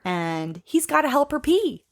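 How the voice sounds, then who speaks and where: A woman's voice: high voice, very animated, unhurried. Chatty blunt woman podcast host. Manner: chatty, blunt, swears freely. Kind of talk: casual chat.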